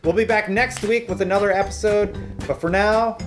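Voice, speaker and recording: A man co-hosting a casual chat show, telling a story in an animated way and laughing as he retells it. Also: high voice, fairly quick, music in the background. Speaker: co-host.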